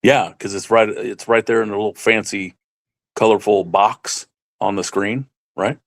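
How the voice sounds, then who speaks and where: A man co-hosting a casual live-stream chat, rambling and halting with many fillers and restarts. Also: on the low side, fairly even intonation, creaky. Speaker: stream co-host.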